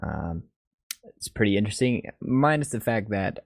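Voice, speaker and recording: Man, podcast host, low-pitched voice, dry sound, teasing casual banter. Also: animated, moderate pace, a little mellow, dry recording.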